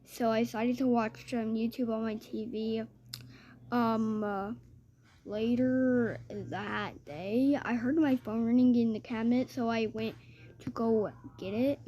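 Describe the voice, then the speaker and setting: A woman's voice: a little high, fairly even intonation, unhurried, dark tone. A woman telling a rambling personal story in a chatty way, with fillers and restarts.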